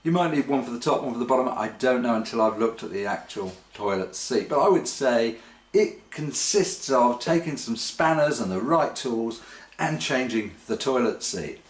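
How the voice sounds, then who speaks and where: Standing in his home kitchen, a vlogger rambles wryly to camera, hesitant and full of ums and restarts. His mid-range voice has lively intonation and a moderate pace, with the roomy echo of the kitchen around it.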